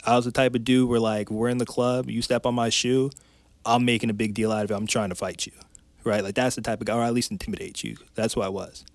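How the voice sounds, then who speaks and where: A man's voice: medium pitch, little pitch movement, fast talker, no echo. Man, podcast guest, frank heartfelt storyteller, dry close sound. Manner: candid and emotional, tumbling phrases with restarts. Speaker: podcast guest, life coach. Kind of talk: personal storytelling in conversation.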